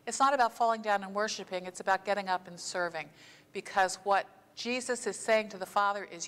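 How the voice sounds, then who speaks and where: Woman, pastor, sermon, storytelling delivery, mid-pitched voice, long church reverb. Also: fairly even intonation, a bit bright. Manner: conversational storytelling preaching; slows down to stress key phrases. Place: church sanctuary.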